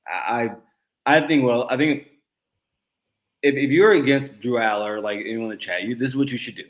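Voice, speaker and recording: A man's voice: mid-range voice, moderate pace. A man in his thirties talking sports casually, with many stuttered restarts. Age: 30s.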